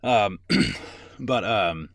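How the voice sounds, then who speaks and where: A man's voice: lowish voice, expressive, extremely slow, creaky, fairly bright tone, no room sound. A man co-hosting a casual movie podcast, rambling through plot recaps with lots of fillers and swearing. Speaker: podcast co-host.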